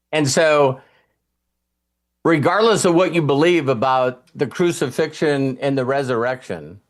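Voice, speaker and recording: A man hosting a casual group talk, rambling with many fillers. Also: medium pitch. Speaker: host and coach.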